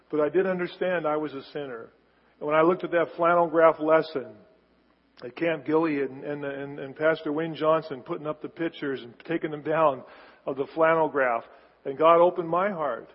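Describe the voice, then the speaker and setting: A man preaching a sermon as pastor, emphatic, repeating words for stress. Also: a little high. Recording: muffled sound in a large reverberant hall.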